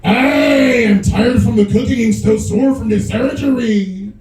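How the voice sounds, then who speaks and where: A man voicing a nagging wife who keeps demanding favors, in a whiny, drawn-out, pleading tone. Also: very high-pitched, a little mellow, echoey room, poor audio.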